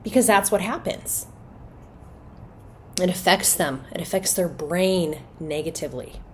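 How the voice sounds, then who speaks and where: A woman hosts a parenting podcast and talks in an animated, emphatic monologue. She often stresses her points with rhetorical questions. Her voice sits on the lower side, with a faint hum of noise behind it. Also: measured pace. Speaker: podcast host.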